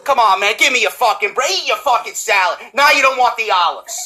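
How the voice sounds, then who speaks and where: A man's voice: very high voice, animated, fairly quick, pushed and bright, pitched below the performer's own voice, heavily acted. A man playing a flustered, defensive guy who fusses and bickers over a salad he is serving.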